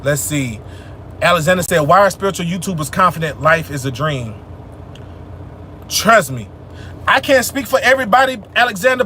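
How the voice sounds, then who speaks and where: A man's voice: sits high, bright, forceful tone, slight background noise. A young man hosting a livestream, answering chat questions about spirituality in a loose, profane, streetwise manner, preaching emphatically.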